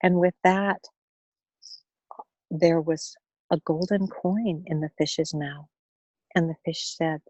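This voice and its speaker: A woman speaker on money wellness, telling a story in an earnest, gentle way and often repeating words as she goes. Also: low voice, steady tone, slow, pauses often, dry recording, rough recording. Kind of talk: storytelling in a talk.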